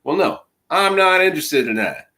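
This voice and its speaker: A man in his forties, fighting off a cold, streams an angry and rambling rant full of swearing. His voice has a bright, forceful edge. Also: on the high side, very animated, normal speed. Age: 40s. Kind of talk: ranting monologue to camera.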